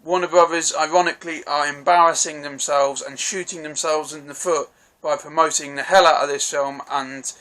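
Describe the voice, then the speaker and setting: A man's voice: a little high, fairly even intonation, normal speed, few pauses, pushed and bright. A man giving a casual, rambling film review, swearing freely and restarting his sentences.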